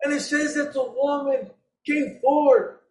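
A man preaching an impassioned, emotional sermon, raising his voice to a shout at its peaks. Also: very high voice, steady tone, measured pace. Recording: roomy echo.

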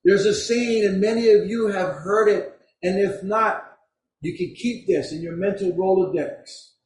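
Slow, high-voiced preacher in an echoey hall. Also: male voice. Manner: storytelling preacher, slow and deliberate. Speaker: pastor. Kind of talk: sermon. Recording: echoey room from far off.

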